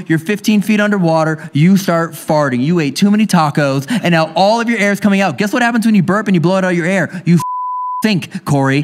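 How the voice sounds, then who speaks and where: A man's voice: high-pitched, a little hiss or hum. A man co-hosting a live show, arguing through escalating absurd scenarios in a debate game. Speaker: podcast co-host. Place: live event before an audience.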